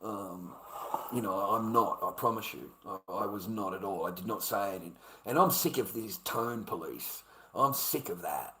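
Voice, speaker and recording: Older Aussie bloke, aggrieved swearing rant, bright tense voice, roomy echo. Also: male voice, on the low side, moderate pace. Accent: Australian. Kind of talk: ranting vlog monologue.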